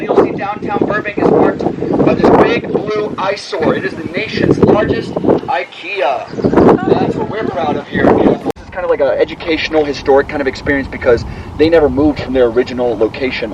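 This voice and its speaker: Chatty tour guide guy on a hike, higher voice, cheesy jokes, windy outside noise. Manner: corny jokes, chatty and upbeat. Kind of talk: joking tour narration. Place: outdoors on a mountain trail. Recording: outdoor wind noise.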